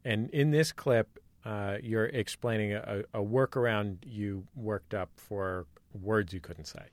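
A man's voice: fairly low pitch, measured pace, dry recording. A male radio host asking interview questions, hesitant and searching, with many fillers.

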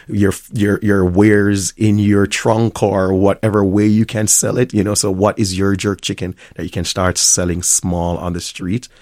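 A middle-aged man with a Jamaican accent talks in an upbeat, easygoing way, with a lowish voice. He laughs often as he chats in an interview. The sound is dry and close. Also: little pitch movement, measured pace, few pauses, a little mellow, no room sound. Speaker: restaurant owner and chef. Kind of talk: interview conversation.

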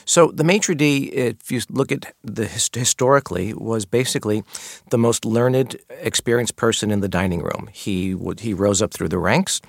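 A man's voice: lowish voice, normal speed, vocal fry, dry recording, clean studio sound. A man guest on a radio interview, a maitre d' who tells candid stories from the dining room and acts out exchanges with customers.

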